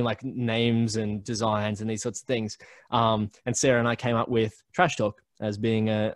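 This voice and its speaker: A man's voice: mid-range voice, no room sound. Chatty Australian man, dry close sound. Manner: chatty storyteller with many fillers and restarts. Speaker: podcast network founder, guest. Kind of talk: casual interview chat. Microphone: remote call recording.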